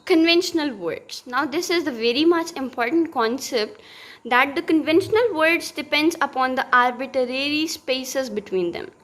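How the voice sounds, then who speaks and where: A woman's voice: high voice, animated, moderate pace, fairly bright tone. A young woman giving a recorded linguistics lesson, explaining step by step with many fillers and restarts. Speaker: teacher.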